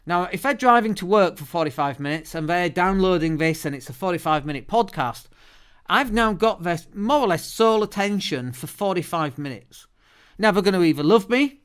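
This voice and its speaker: Chatty British man with a smooth voice. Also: on the high side, normal speed. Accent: British English. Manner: chatty, lively, often restarts words. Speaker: podcast host. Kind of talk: solo podcast monologue. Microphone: studio microphone.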